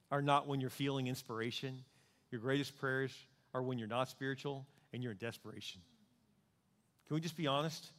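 Animated preacher in a reverberant hall. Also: male voice, medium pitch. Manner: animated preaching, acting out voices of God and people praying. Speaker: pastor. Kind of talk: sermon.

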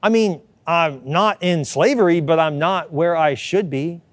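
A man delivers a sermon in a notably high voice, recorded close and dry with little room sound. He preaches with emphatic repetition and acts out quoted lines. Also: a little slow, no room sound. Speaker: pastor.

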